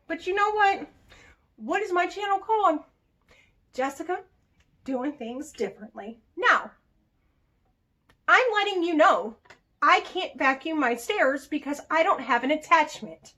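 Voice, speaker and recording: Woman vlogger, young adult, high-pitched and chatty, reviewing products casually. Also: unhurried, long pauses. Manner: chatty and animated, with laughs.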